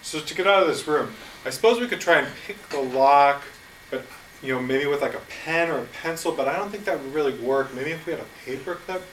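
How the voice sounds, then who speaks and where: A man giving an unprepared answer at a club meeting, rambling and poking fun at himself between pauses. He sounds distant from the mic, in a room with a roomy echo and steady noise. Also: fairly high pitch. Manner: rambling, self-deprecating, hesitant. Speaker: impromptu speaker. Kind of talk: impromptu speech.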